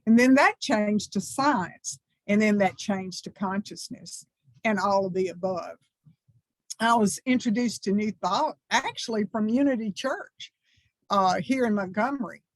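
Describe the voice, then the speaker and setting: A reverend in her sixties, a woman with a Southern drawl, shares her story with folksy enthusiasm. Her voice sits in a middle pitch and comes through dry and close, with no room sound. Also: a little slow, dry recording, low-quality recording. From American South. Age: 60s. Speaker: reverend, guest speaker. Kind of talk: personal testimony talk at church.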